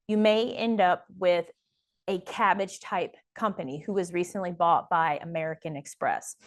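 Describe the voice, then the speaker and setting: Emphatic woman giving business advice. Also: mid-range voice. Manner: emphatic, encouraging, repeats words for stress; addresses viewers as "y'all". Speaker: small-business coach. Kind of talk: direct-to-camera advice video.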